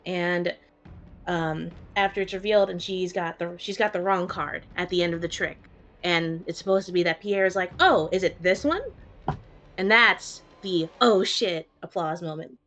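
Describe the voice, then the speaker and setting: A woman's voice: on the low side, steady tone, normal speed, a bit bright. A woman playing in a tabletop game, talking casually and hesitantly and swearing freely. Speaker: player.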